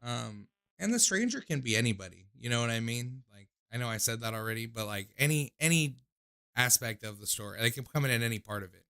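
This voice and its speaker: Man, call-in show host, rambling casual talk, bright forceful tone, dry close sound. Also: medium pitch, lively intonation, fast, no echo. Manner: rambling, profane, loose.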